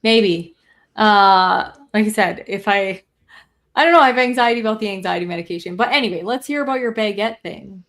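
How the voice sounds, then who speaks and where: Gravelly-voiced hesitant woman. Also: mid-range voice, fairly quick, fairly bright tone. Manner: hesitant, lots of fillers and trailing thoughts. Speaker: podcast co-host. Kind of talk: casual conversation.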